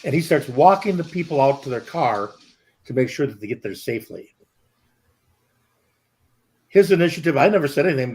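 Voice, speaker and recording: A man's voice: medium pitch, lively intonation, fairly quick, long pauses, darkish tone. A man co-hosting a podcast, teasingly telling stories about his friend in casual chat. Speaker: podcast co-host.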